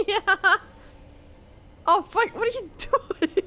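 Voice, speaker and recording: A woman's voice: extremely high pitch, very slow, pauses often, sharp tone. A woman streamer chatting casually with her viewers about her cat, her voice nasal from a cold, swearing and laughing often. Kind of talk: casual live-stream chat.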